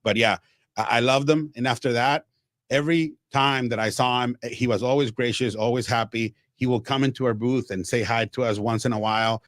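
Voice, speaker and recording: A man's voice: mid-range voice, brisk, no echo, clean studio sound. Man telling stories on air. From Mexico. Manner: animated, acts out quotes, frequent restarts. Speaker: Spanish-language baseball broadcaster, guest. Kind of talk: radio interview storytelling.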